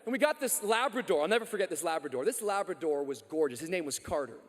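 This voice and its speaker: Brief: energetic male pastor, high voice, joking sermon, long hall reverb. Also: fast talker. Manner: energetic, joking, loud calls to the crowd.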